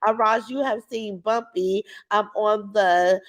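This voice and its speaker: A woman's voice: medium pitch, steady tone, slow. A woman hosting a casual livestream from her couch at home, talking to her chat through her computer in a brash, outspoken, boastful way. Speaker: livestream host reading chat. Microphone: computer mic.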